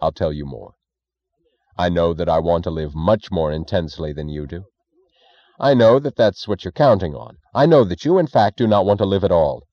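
A man voicing a calm, defiant captive thinker in an audiobook, measured and precise. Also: low voice, dry recording, highs cut off. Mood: intense. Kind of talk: audiobook character voice.

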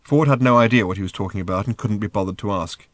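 A man's voice: fairly low pitch, quick pace, no echo. A man reading an audiobook aloud in a dry, understated narration.

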